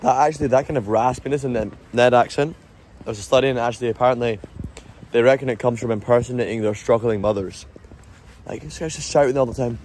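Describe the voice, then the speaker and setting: A man's voice: medium pitch, fast, darkish tone, slight background noise. A man talking casually to camera as a travel vlogger on a city street at night, rambling and explaining with lots of restarts.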